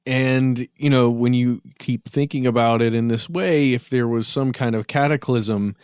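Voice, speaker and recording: Relaxed male podcast co-host. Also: medium pitch, a little slow, clean tone, no room sound, clean studio sound. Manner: relaxed, thinking aloud. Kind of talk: casual conversational chat.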